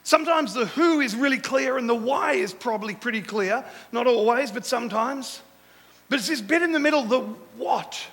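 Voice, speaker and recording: A man's voice: very high voice, moderate pace, a bit bright. A male pastor preaching a sermon, with repetitive, emphatic phrasing and call-and-response with the congregation. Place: church hall. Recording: echoey church hall with long reverb.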